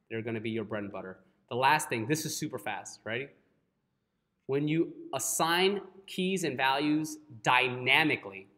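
Male coding teacher, live class, unhurried delivery, keeps checking in with the room. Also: medium pitch, a bit bright. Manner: keeps checking in with "right?" and apologizes a lot. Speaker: coding instructor.

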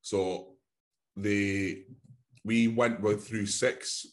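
A man's voice: fairly low pitch, fairly even intonation, very slow. Sweary Glaswegian man telling a story. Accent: Glaswegian Scottish. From Glasgow, Scotland. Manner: sweary, rambling storyteller who acts out the other people in his stories. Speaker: podcast co-host. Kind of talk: casual chat.

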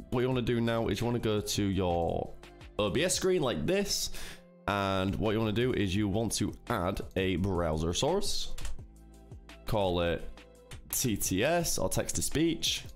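A man with a somewhat low voice talks through a screen-recorded tutorial in a loose, chatty way. He leans on fillers and keeps calling his viewers "guys". Soft music plays faintly behind him. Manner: chatty, often says "guys", filler-heavy. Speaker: streamer.

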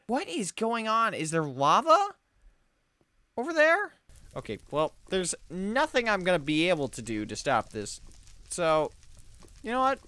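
A young adult playing a video game alone and commenting, excitable, talking to the game's animals and yelping when startled. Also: medium pitch, measured pace, noisy background. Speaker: let's play gamer.

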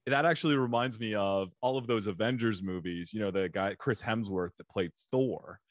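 A man's voice: on the low side, normal speed, no echo. Dry-sounding podcast host, man. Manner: enthusiastic fan, laughs often. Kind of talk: casual interview chat.

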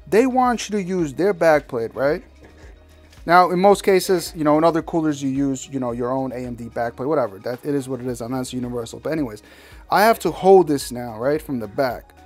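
A man's voice: a little high, quick pace, soft background music. A man walking viewers through installing a computer part, talking in a slangy, exasperated, ranting way. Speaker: tech reviewer. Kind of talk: casual product install walkthrough.

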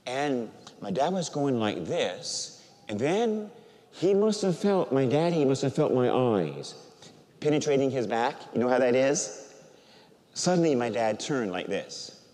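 An older man, a Catholic priest, preaching a sermon and telling a personal story with animated, emotional delivery that softens when he is moved. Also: mid-range voice, measured pace. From United States. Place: large church. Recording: church hall reverb.

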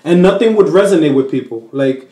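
Man from the Dominican Republic, comedian, high voice, bilingual chat, animated storytelling, echoey room. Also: a little fast. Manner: switches between English and Spanish; animated, puts on voices while telling stories. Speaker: comedian guest. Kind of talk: casual interview chat.

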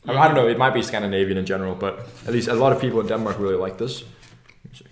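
A man's voice: on the low side, rapid-fire. A man co-hosting a podcast, joking in casual chat while he eats at a table. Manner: joking, talks while eating. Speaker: podcast co-host. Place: room, eating at a table. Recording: echoey room, faint table noise.

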